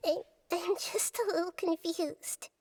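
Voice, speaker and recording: A woman voicing a gentle, wise young girl goddess in a video game, speaking softly and earnestly. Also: very high voice, fairly even intonation, a little slow. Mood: sad, confused. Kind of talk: game voice acting. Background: game music.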